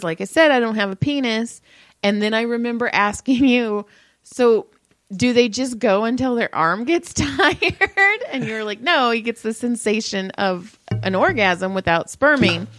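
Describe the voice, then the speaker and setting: A woman's voice: on the high side, a bit bright, dry recording, clean studio sound. A woman in her thirties co-hosting a podcast, telling blunt, profane stories and laughing often. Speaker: podcast co-host. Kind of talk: casual crude chat.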